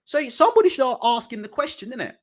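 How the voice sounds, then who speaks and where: A man's voice: very high voice, big pitch swings, quick pace. A British man hosting a boxing channel, ranting in live commentary with heated, profane rhetorical questions. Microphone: desk mic.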